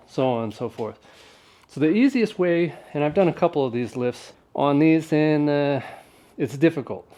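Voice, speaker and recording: Laid-back man with a mid-pitched voice, joking wryly through a casual garage vlog. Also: a little mellow. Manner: laid-back and wry, with offhand jokes. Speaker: vlogger working on an old truck.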